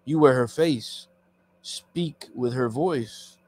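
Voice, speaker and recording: A man reading the lines of a stern male dark lord from a comic, slow and measured. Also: mid-range voice, breathy edge.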